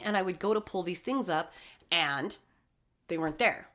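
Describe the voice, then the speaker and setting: A woman swapping stories in casual chat, cursing freely. Her voice sits slightly low, and she jumps into lively impressions of other people mid-story. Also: brisk. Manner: profane, animated storytelling with acted-out quotes.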